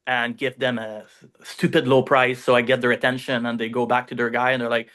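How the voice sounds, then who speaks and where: A man's voice: mid-range voice, level tone, fairly quick, fairly bright tone. A man with a French accent, a native French speaker, telling his story as a podcast guest in a rambling way, full of fillers and tag questions. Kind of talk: casual interview storytelling.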